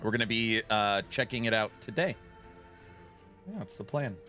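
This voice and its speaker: A man's voice: on the low side, expressive, moderate pace, bright, forceful tone, soft background music. A man hosting his own game live stream in a loose, joking way, greeting viewers in chat by name. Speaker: streamer host.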